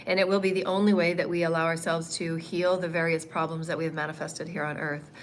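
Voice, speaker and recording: A woman's voice: low-pitched, level tone, fast talker, a little hiss or hum. A woman teaching a spiritual lesson on a livestream, meandering and repeating phrases, with frequent ums and uhs.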